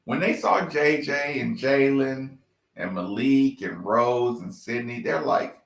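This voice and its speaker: A man's voice: medium pitch, slow, creaky. A man giving blunt, profane fan commentary on a basketball team, ranting in slang. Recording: echoey room.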